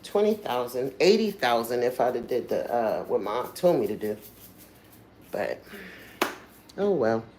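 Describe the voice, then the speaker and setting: A woman's voice: rumbling low, sing-song, unhurried, pauses often, darkish tone, slight background noise. A woman hosting a livestream, telling stories in a candid, earthy way with frequent swearing and trailing asides. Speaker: livestream host. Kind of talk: casual storytelling chat.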